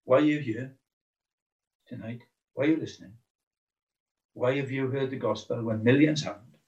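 A man's voice: mid-range voice, moderate pace, darkish tone. Earnest man preaching from afar. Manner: earnest, rising to emphatic questions. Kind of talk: sermon. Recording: muffled, from far off the mic.

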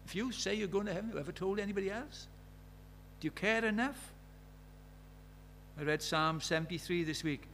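Man preaching, fairly high voice, earnest, pressing questions, faint hum underneath. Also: fairly quick, long pauses, a bit bright. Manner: earnest, questioning, retells conversations in quoted dialogue. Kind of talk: sermon.

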